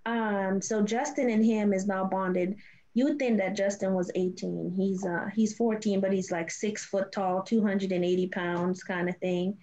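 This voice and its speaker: A middle-aged woman, a foster parent, telling her family story in a casual interview, animated and laughing often. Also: medium pitch, measured pace. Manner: animated, laughs often, acts out quoted voices. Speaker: foster and adoptive parent guest. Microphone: video call. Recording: dull lo-fi livestream audio.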